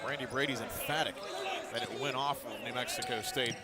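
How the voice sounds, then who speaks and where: A man's voice: medium pitch, fairly even intonation. A man doing live radio play-by-play of a college basketball game, calling each pass in short clipped phrases and rising sharply when a basket falls. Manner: rapid clipped play calls, rising sharply at big plays. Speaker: play-by-play announcer. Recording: loud arena noise behind.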